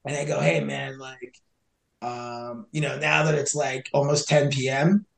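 A man's voice: medium pitch, a little slow, creaky, reverberant. A young man casually telling a hiking rescue story, acting out both sides of the conversation. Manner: animated, acts out both sides of dialogue. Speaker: podcast guest, search and rescue hiker.

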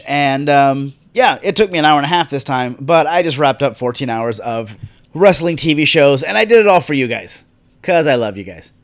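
A man hosting a solo wrestling recap podcast, talking casually with sarcastic, profane rants. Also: a little high. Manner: sarcastic, profane, ranting asides. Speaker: podcast host.

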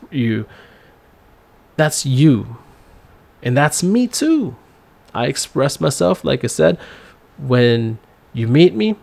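A man's voice: mid-range voice, creaky. A man hosting a solo podcast, talking casually in a rambling way with many fillers and some swearing. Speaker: podcast host.

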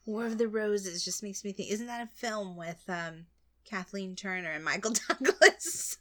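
Bright, lively American woman. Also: medium pitch, measured pace. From United States. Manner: teasing, laughs easily. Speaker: podcast co-host. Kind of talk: casual chat.

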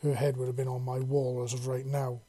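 A man voicing a massive, scarred male alien warrior judge, speaking with a gruff voice in cold, threatening pronouncements. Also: medium pitch, monotone, fairly quick, mellow, no room sound, lightly acted. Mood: contemptuous.

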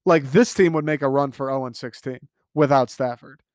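A man hosting a solo sports podcast, talking in an animated, emphatic way and swearing freely. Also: mid-range voice, moderate pace, dry recording, studio quality. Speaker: podcast host.

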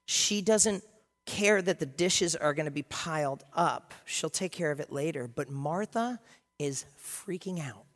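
A pastor preaching a sermon in a lively, humorous way, acting out little scenes. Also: male voice, fairly high pitch, unhurried, long reverb tail.

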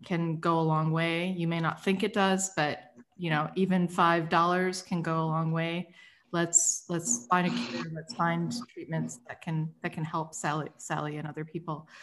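A woman journalist hosting a podcast, friendly and conversational as she interviews a guest. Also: fairly low pitch. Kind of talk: casual interview chat.

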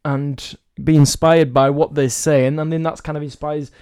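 A man's voice: a little high, level tone, moderate pace, darkish tone, clean tone, no room sound, studio quality. Man with a cold rambling on his podcast. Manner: rambling, self-deprecating, playful. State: has a cold, under the weather. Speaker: podcast host, fitness coach. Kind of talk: casual solo podcast chat.

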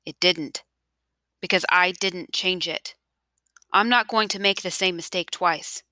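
A woman voicing an elderly grandfather, earnest and pleading about the past, then quietly resolute, in a storybook reading. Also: on the low side, a little slow, no room sound. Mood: calm. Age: over 60. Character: remorseful elderly grandfather, former official, now resolved.

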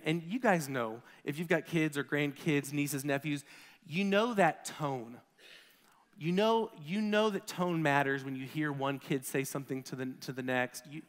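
A man in his thirties, a pastor giving a conversational sermon, animated as he tells stories about his kids. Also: on the high side, big-room sound. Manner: conversational, animated storytelling with acted quotes.

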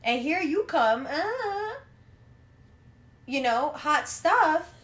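A woman's voice: high-pitched, extremely slow. A woman chatting casually, telling stories with lots of laughter and cursing. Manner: animated storyteller, laughs a lot, swears freely. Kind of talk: casual chat.

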